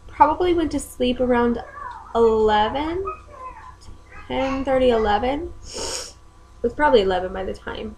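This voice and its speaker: A woman's voice: fairly high pitch, moderate pace, pauses often, darkish tone, slight background noise, low-quality recording. A young woman and mother, chatting casually at home in a rambling way with many ums. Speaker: mother and vlogger. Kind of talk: casual chat.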